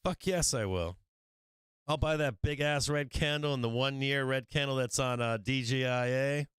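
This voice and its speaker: A man's voice: mid-range voice, moderate pace, fairly bright tone, smooth, no echo. A man hosting a livestream market show, talking trading in a brash, profane, rambling way and laughing often. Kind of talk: casual livestream trading talk. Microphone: studio microphone.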